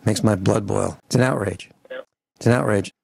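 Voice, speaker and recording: A man hosting a radio talk show, ranting in an animated, grumbling way and acting out little mock dialogues. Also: fairly low pitch, normal speed, gravelly, husky, no room sound. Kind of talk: opinionated radio talk and rant. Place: home studio on a farm. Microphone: studio microphone.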